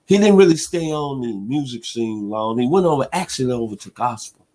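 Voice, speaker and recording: A man's voice: medium pitch, lively intonation, brisk. A man, hosting a sports talk radio show in an emphatic, heartfelt monologue. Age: 60s. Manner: emphatic, preacher-like delivery with heartfelt shout-outs.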